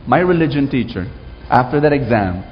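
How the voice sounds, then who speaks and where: A man's voice: mid-range voice, expressive, brisk, slight background noise. A man preaching a sermon to a congregation, telling stories and asking them to repeat after him. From Philippines. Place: church hall with congregation. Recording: dull echoey hall recording.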